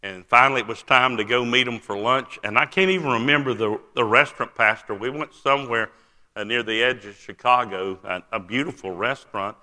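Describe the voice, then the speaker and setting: An older man preaches a personal testimony in a sharp, very bright voice. He tells it earnestly, with frequent "uh" pauses. His words ring out with a long reverb through a big church hall. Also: mid-range voice. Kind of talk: testimony sermon. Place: large church sanctuary.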